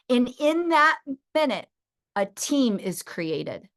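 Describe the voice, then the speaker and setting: Animated woman telling sales stories. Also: fairly high pitch, slow pace. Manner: animated storytelling, acting out phone calls. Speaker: sales trainer. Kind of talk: energetic training talk.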